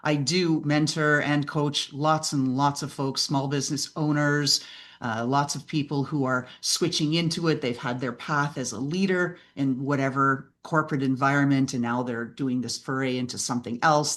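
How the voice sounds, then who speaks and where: A woman speaking as a podcast guest and business mentor, telling lively stories, acting out quoted voices and often asking "right?". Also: rumbling low, normal speed. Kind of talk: animated interview conversation.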